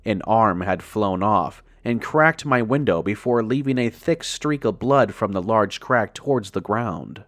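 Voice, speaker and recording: Low-voiced man narrating horror. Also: lively intonation, no echo. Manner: measured, dramatic reading that slows on grim details. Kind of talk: scripted first-person horror narration.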